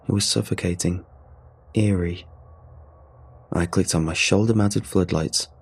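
A man's voice: fairly low pitch, gravelly, darkish tone, slightly rough. A man reading a first-person adventure story aloud in a wry, sardonic manner. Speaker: narrator. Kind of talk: scripted story narration.

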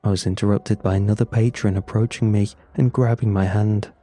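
A man narrating a first-person horror story in a slow, somber, scripted telling. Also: on the low side, fairly even intonation, dark tone.

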